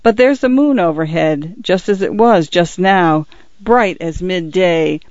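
A man's voice: high voice, unhurried, a little mellow, dry recording, highs cut off. A man voicing a flustered, middle-aged ordinary clerk out of his depth, speaking in plain colloquial grammar in an audiobook. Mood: bewildered. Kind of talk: audiobook character voice.

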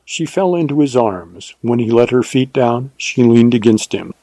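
A man reading a Western novel aloud in measured, even audiobook narration. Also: mid-range voice, dry recording, rough recording.

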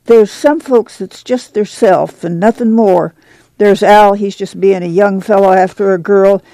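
A woman's voice: medium pitch, steady tone, unhurried, warm tone, no room sound, close to an everyday voice. A woman reading the part of a weary but steadfast rural farm mother, homespun and firm. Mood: earnest. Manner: homespun, plain-spoken, firm. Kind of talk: dramatic audiobook reading.

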